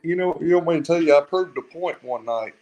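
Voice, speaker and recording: A man with a slightly raised voice tells long, rambling stories as a podcast guest, circling back and restarting his sentences as he goes. His tone stays conversational and unhurried. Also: on the high side, a little mellow, highs cut off. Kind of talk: casual storytelling.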